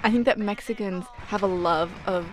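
A woman's voice: mid-range voice, normal speed. A woman co-hosting a music radio show, chatting casually and enthusiastically as she explains songs and slang.

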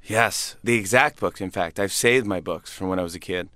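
A man's voice: low voice, moderate pace, pushed and bright, no echo, studio quality. A man, a comedian guest, chatting casually in an interview, laughing often and restarting his sentences.

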